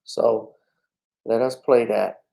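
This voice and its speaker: A man's voice: medium pitch, steady tone, slow pace, vocal fry, dark tone, rough recording. A man hosting a casual livestream talk show, chatting in a laid-back way with frequent fillers.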